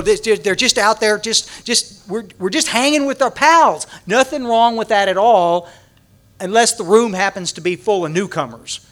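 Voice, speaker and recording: A man, speaking at a recovery conference and animatedly acting out a story for the audience, with many restarts. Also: high-pitched. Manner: animated, acts out scenes, frequent restarts. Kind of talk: storytelling talk to a large audience.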